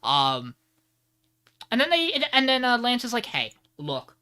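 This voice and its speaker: Bright-voiced animated podcast recapper. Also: male voice, very high voice, a little slow, clean tone. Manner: animated retelling with acted-out quotes and laughs. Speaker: podcast co-host. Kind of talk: casual anime recap chat.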